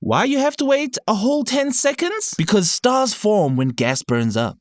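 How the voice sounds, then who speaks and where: A man's voice: sits high, normal speed, no echo, studio quality. Sarcastic young South African man ranting. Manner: sarcastic, animated, jokey asides. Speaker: YouTube host. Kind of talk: comedic rant vlog.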